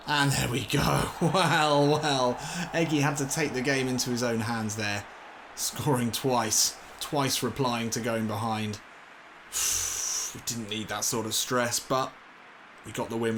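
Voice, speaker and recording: A young man commentating his own football video game, getting excited and swearing when things go wrong. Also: fairly low pitch, noisy background. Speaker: gaming commentator. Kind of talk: let's play commentary.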